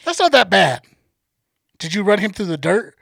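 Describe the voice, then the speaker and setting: A man co-hosting a podcast, reacting with quick, profane wisecracks and teasing in casual chat. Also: high-pitched, sing-song, gravelly, fairly bright tone, no echo, clean studio sound. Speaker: podcast co-host.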